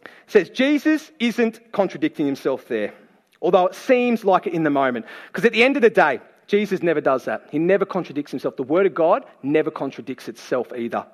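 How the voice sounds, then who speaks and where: A man preaching a sermon, telling the story in a lively, playful way and acting out the people in it. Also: fairly high pitch, brisk. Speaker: pastor.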